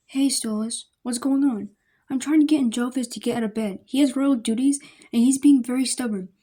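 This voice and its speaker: Patient royal wife, coaxing, warm high voice, read by a woman. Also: a little fast, lightly acted. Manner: coaxing, gently pleading.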